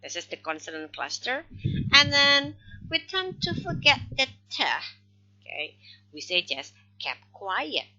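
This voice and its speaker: In a recorded lecture, a female phonology teacher explains things slowly and step by step, often asking "okay?" to make sure listeners are following. Her pitch is very bright and lively, though the audio itself is dull and lo-fi.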